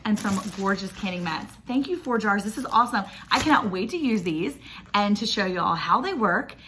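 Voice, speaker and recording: A woman, chatting excitedly and gushing as she unboxes a package for her vlog. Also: medium pitch, a little fast, slight background noise. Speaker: homestead vlogger. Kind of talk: casual unboxing chat.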